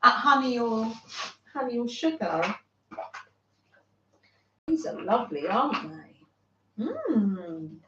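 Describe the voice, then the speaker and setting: A woman hosting a craft channel, chatting gently and fondly with viewers on a livestream. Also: on the high side, very animated, slow pace, long pauses, roomy sound, muffled recording, background noise. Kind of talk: casual livestream chat with viewers.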